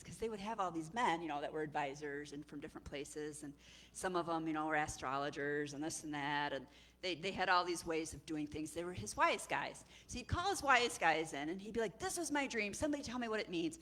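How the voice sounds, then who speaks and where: A woman preacher giving a sermon, retelling a story in a lively, conversational way and acting out its characters. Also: deep voice, a little fast. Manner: animated, conversational storytelling with acted voices. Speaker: executive director and preacher.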